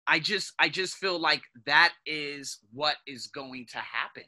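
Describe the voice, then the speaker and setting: A man hosting a podcast, giving a casual motivational monologue in an animated way, calling his listeners "guys" and often restarting his sentences. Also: fairly high pitch, a little slow. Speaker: podcast host.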